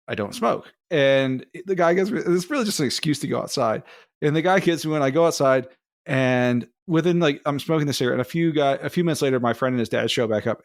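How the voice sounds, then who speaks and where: A man's voice: a little high, no room sound, clean studio sound. A man co-hosting a podcast who tells a rambling, self-deprecating story in casual chat. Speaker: podcast co-host.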